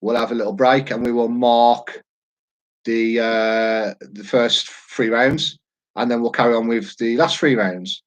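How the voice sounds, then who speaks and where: A man's voice: mid-range voice, steady tone, unhurried, rough recording. A man, hosting a quiz live from home in a chatty, jokey, rambling way. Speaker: quiz host. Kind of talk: casual live-stream chat.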